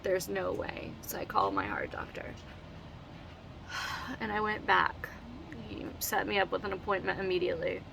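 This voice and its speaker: Tearful gravelly-voiced woman. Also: medium pitch, big pitch swings, noisy background. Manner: earnest, emotional, halting with restarts. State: tearful, holding back crying. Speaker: vlogger telling her own story. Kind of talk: personal storytelling to camera.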